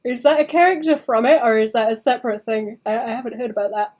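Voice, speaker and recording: A young woman talks casually to her stream while she draws. Her voice sits a little high and sounds husky and breathy. She rambles sleepily and laughs easily. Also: quick pace, darkish tone. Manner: chatty, rambling, laughs often. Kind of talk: casual chat while drawing.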